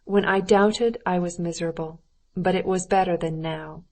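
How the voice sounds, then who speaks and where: A woman voicing a cold, stiff middle-aged husband who speaks in a measured, formal, clipped way. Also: fairly low pitch, steady tone, darkish tone, close to an everyday voice. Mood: bitter.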